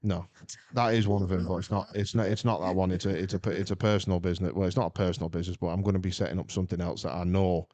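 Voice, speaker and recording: A man's voice: low voice, very fast. A man, co-hosting a podcast, rambling along in casual chat. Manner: rambling, animated, chatty. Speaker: podcast co-host. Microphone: podcast mic up close.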